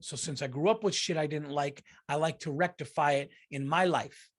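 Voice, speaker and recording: High-voiced man ranting on his podcast. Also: steady tone, normal speed. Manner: profane, heated ranting. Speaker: podcast host and comedian. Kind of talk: solo podcast rant. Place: his office.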